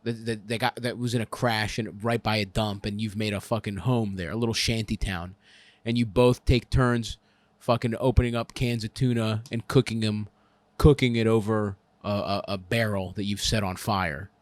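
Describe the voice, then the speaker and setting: A man's voice: lowish voice, fairly even intonation, normal speed, dry recording. A man hosting a comedy advice show, ranting crudely and laughing at his own jokes on a close mic.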